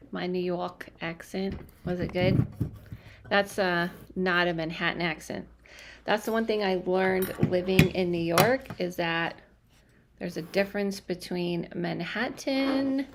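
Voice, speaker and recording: A young woman who works as a spiritual medium does live readings from home, streaming through a phone or webcam. Her voice is fairly low with vocal fry, the background is noisy, and her casual talk is scattered, full of fillers and restarts.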